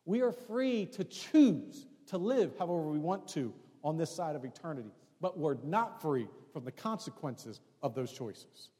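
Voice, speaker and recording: Man, pastor, preaching a sermon, high voice, long reverb, rising emphasis and hushed asides. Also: sing-song, normal speed, few pauses.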